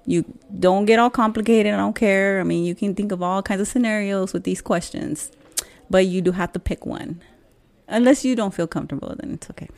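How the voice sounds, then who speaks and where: A woman's voice: mid-range voice, fairly quick, darkish tone. A woman hosting a podcast in a casual, playful way, laughing and joking with guests. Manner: playful, laughing, talks with slang. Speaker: podcast host.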